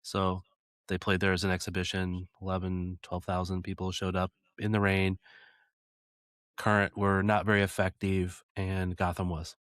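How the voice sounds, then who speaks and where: An American man with a fairly low voice co-hosts a soccer show in relaxed chat. He talks in a dry, matter-of-fact way. The sound is close and dry, with no room behind him. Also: normal speed, clear, resonant tone, dry recording. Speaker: podcast co-host. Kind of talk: casual chat.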